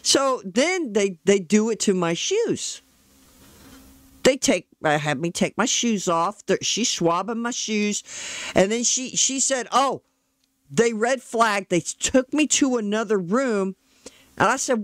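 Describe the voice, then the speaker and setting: A woman commentator reacting to a trial tells a rambling personal story, chatty and exasperated, with frequent asides. Her mid-range voice has lively intonation and a slow pace, recorded in clean studio quality with no echo.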